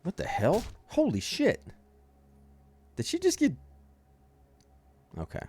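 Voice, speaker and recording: This streamer's voice is high-pitched with wildly swooping pitch, slow pacing and a darkish tone, plus a little hiss or hum. He casually jokes, rambles and sometimes swears while playing a game mod, with faint game music behind.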